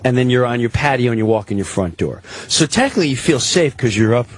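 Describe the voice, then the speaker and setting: A man telling a rambling, excitable story as a guest on a talk-radio show, acting out the people in it. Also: medium pitch, fast, a little hiss or hum.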